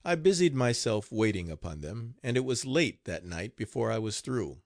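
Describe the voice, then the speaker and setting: A man reading an audiobook aloud in an expressive, animated way. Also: medium pitch, moderate pace, no room sound, studio quality. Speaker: audiobook narrator. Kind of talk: scripted audiobook narration.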